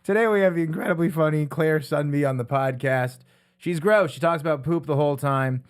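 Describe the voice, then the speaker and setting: Young male podcast co-host, jokey and laughing, slightly high voice. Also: a little fast, smooth. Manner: playful, laughs often, jokey. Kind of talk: casual comedy banter.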